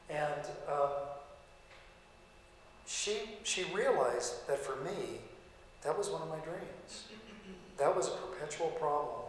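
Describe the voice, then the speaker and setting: A man's voice: a little high, fairly bright tone. Chuckling man teaching in an echoey hall. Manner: folksy, chuckling storyteller. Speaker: lecturer. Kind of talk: casual classroom teaching with personal stories. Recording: echoey hall with faint noise.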